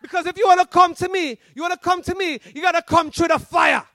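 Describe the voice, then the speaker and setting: A man voicing a fearless pastor with a Jamaican accent, shouting commanding calls. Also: extremely high pitch, steady tone, fast talker, a little hiss or hum, exaggerated voice. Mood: defiant.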